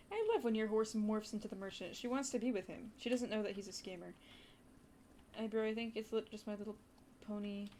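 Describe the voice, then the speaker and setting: A woman's voice: medium pitch, moderate pace, slight background noise. Chatty young woman streaming a game. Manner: chatty, rambling, talks to chat, gushes with excited gasps. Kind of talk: casual livestream commentary.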